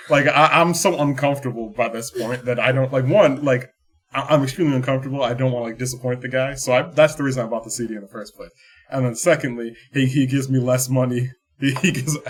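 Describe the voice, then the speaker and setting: With a mid-range, slightly breathy voice, this man co-hosts a podcast and wanders through a rambling story in easygoing conversation. Swearing comes easily to him, and he keeps laughing throughout.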